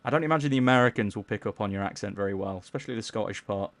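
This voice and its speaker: A man casually chatting on a live gaming stream, reading chat aloud in a mellowed-out, low-key way and tripping over words as he plays. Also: very fast, no room sound. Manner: stumbles over words while playing.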